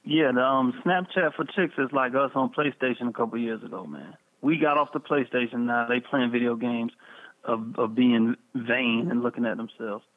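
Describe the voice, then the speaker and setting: A man's voice: mid-range voice, normal speed. A man co-hosting a casual podcast, joking in a slangy way. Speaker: podcast co-host. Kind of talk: casual banter. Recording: tinny phone line.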